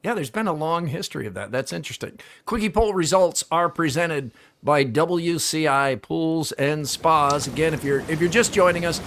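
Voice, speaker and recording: A middle-aged man co-hosting a casual sports talk show, relaxed and reading sponsor plugs between chatter. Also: a little high, normal speed, hardly any pauses. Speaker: radio show co-host.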